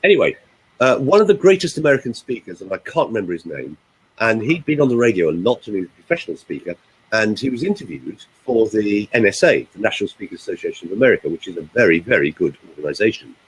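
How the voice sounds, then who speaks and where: A man's voice: lowish voice, husky, rough recording. A man coaching on voice use in an emphatic, demonstrative way, speaking on a group call. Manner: emphatic, animated, demonstrating pauses.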